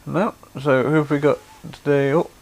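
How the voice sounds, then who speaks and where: A man's voice: a little high, steady tone, moderate pace, a little mellow, a little hiss or hum. A man hosting a craft livestream, chatty and explaining things step by step. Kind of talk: casual demonstration.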